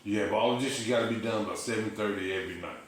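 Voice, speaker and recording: A middle-aged man telling lively, profane stories in a casual chat, laughing often. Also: on the low side, quick pace, distant mic. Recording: echoey room with faint noise.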